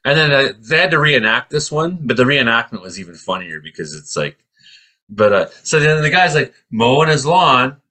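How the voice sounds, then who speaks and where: A man with a bright, forceful tone and middling pitch, spinning a lively story in casual talk. He acts out the people in his tale with sudden loud, high cries. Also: normal speed. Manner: animated storyteller who acts out quoted voices with loud high yelps.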